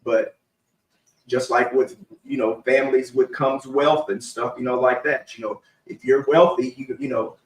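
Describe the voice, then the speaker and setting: A man giving his opinions in a halting, casual way as co-host of a live discussion. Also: mid-range voice, steady tone, echoey room, distant mic, poor audio. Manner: halting, opinionated, many fillers and restarts.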